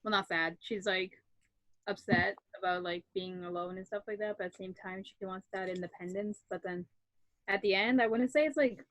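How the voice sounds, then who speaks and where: A woman's voice: medium pitch, fairly even intonation, normal speed, a bit bright, no echo. A woman in a casual book club chat who talks hesitantly, full of "like" and trailing thoughts. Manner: hesitant, many "like" fillers.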